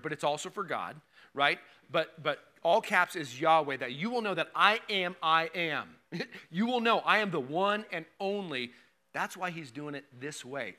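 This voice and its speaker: Man, pastor, sermon, animated, bright tone, slightly high voice. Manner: animated, conversational preaching with emphatic quotes.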